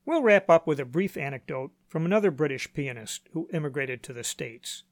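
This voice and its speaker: A man hosting a podcast, reading a scripted narration in a measured, announcer-like way. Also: a little high, expressive, no echo. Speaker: podcast host. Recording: dry voice-over with faint music.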